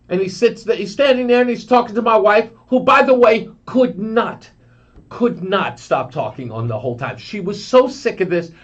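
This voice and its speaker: A man hosting a talk radio show, telling a long story in an animated way and acting out the voices of the people in it. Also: high voice, muffled recording.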